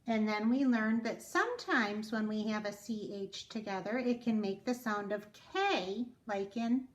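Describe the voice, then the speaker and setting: A woman teaching a phonics lesson, sounding out words slowly and carefully for young readers. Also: a little high, echoey room. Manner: slow, careful, drawn-out word sounding. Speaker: reading teacher.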